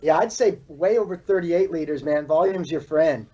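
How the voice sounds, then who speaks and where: Speaking quickly and casually, a surfboard shaper from California peppers his interview chat with "like" and "you know." The video call recording is dull and lo-fi, carrying a voice that's on the high side, warm, and a bit breathy.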